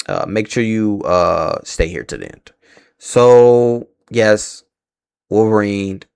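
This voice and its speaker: Angry ranting male streamer, lively pitch. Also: dry recording, clean studio sound. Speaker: live stream host. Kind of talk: live stream rant.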